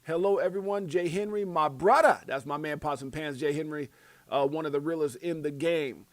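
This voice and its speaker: A man with a fairly high voice, hosting a crypto livestream and chatting casually with his viewers. He rattles off slangy, animated shout-outs one after another. The sound is dry and close, with no room echo. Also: moderate pace. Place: Las Vegas.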